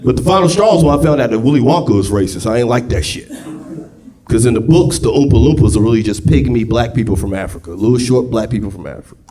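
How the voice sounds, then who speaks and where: Profane stand-up comedian, lively voice. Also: male voice, medium pitch, fast, slightly rough. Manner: profane, conversational, swings into shouts. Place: comedy stage before a live audience. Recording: live club crowd laughter.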